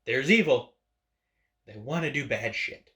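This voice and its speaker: A man's voice: mid-range voice, lively intonation, a little slow, pushed and bright. A man hosting an opinion video, ranting sarcastically and swearing freely at the camera. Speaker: video host. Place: indoors at a camera.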